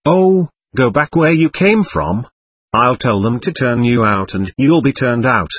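A husky-voiced man reading the lines of a passionate, quick-tempered young woman in an audiobook. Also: medium pitch, big pitch swings, fairly bright tone, full character voice. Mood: furious. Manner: furious, cutting.

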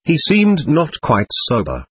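A man narrating an audiobook in a steady storytelling voice. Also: a little high, a little slow, husky, no room sound. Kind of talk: scripted narration.

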